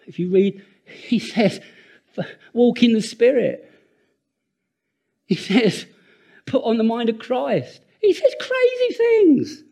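An older man preaching a sermon, earnest and animated, with laughing asides and repeated words. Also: extremely high pitch, slow, creaky, long pauses.

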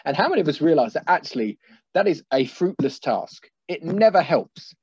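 A man in his thirties delivers a sermon as a pastor, earnest and pastoral, slowing down for emphasis. His voice is fairly high and husky, and it rises and falls in animated swings. The recording is dry and a little dull. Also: no echo.

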